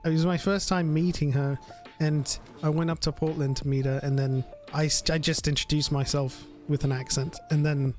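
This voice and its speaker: A man's voice: fairly high pitch, little pitch movement, normal speed, darkish tone, soft background music. An American man hosting a casual livestream podcast, chatting loosely and greeting viewers. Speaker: podcast host.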